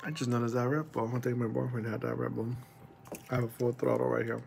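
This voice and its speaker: A man's voice: medium pitch, level tone, fast talker, gravelly, background noise. A young man vlogging at home, chatting casually and rambling about his day and his cat. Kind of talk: casual chat to camera. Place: at home, pet cat nearby.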